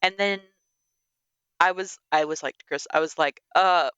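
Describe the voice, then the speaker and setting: Bright crisp-sounding woman, podcast cohost, casual chatty review, super animated, lots of "like". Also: low-pitched, moderate pace, dry recording. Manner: animated, exclamatory, fillers with "like". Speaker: podcast co-host.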